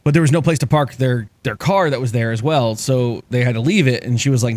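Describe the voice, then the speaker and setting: A man's voice: medium pitch, moderate pace, a little mellow. Swearing man telling stories. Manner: swears freely, acts out quoted people. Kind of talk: casual chat.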